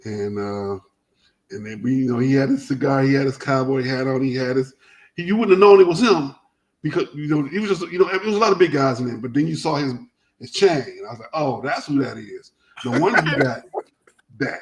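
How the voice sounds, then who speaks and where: Hosting a casual sports talk show, a man tells stories in an animated, rambling way, restarting again and again. His mid-range voice runs a little fast, and the recording is rough.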